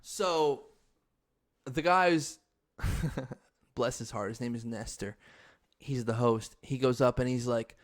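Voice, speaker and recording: A young man hosting a podcast, telling a story in a frantic, excitable, swearing casual chat. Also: medium pitch, measured pace. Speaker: podcast host.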